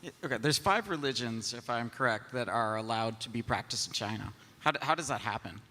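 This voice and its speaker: A man on a live panel asking questions, halting with restarts. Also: medium pitch, expressive, pushed and bright, big-room sound.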